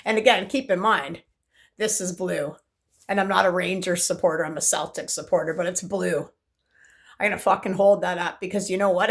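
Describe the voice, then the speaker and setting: A woman talks to camera in a long, rambling monologue, intense and swearing freely as she jumps from topic to topic. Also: on the low side. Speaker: vlogger.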